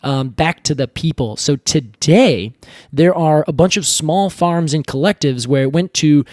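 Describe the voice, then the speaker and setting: A man with a fairly high voice co-hosts a podcast, spinning a history tale in a casual, animated way. He slips into quick acted-out voices for the people in his story. The recording is dry and close, with no room sound. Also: no echo. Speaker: podcast co-host. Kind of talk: casual educational chat.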